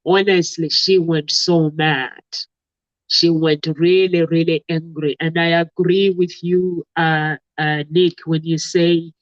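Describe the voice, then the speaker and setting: A man's voice: fairly high pitch, little pitch movement, takes it slowly, dry recording. A man in a casual online talk show, rambling and restarting as he tells an anecdote. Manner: rambling, many restarts and fillers. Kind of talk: casual chat. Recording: dull, dry lo-fi audio.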